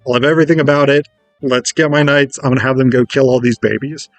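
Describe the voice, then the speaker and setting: A man's voice: medium pitch, steady tone, fast talker, no room sound, faint music behind, lightly acted. A man voicing a gleeful, bloodthirsty king, speaking eagerly and bluntly with a swagger.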